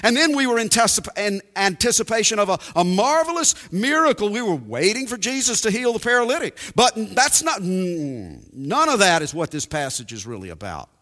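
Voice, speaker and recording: Male preacher with a bright, high-set voice and lively pitch, emphatic. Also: big-room sound. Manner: emphatic, deliberate, repeats key points. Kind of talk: sermon.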